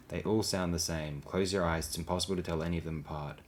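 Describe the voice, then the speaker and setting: A man's voice: low-pitched, fairly even intonation, fast, a little hiss or hum. A man reading blog posts aloud as an audiobook, with a dry, sardonic delivery. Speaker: audiobook reader.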